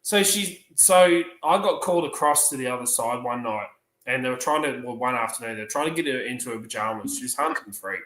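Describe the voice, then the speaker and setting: A man's voice: medium pitch, brisk, echoey room, poor audio. A man co-hosting a livestream, telling funny work stories in casual chat and swearing freely. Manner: swears freely, animated retelling. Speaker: livestream co-host.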